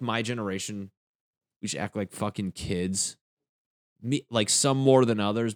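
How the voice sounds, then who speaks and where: A man's voice: sits low, a little mellow, dry recording, studio quality. A young man doing a crude, rambling stand-up comedy rant. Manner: crude, rambling, jumps into silly voices.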